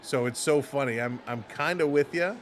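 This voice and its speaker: A man's voice: medium pitch, normal speed, a little hiss or hum. A man hosting a live sports stream, calling plays casually and chatting with his viewers in a rambling way. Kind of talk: casual play-by-play and chat reading.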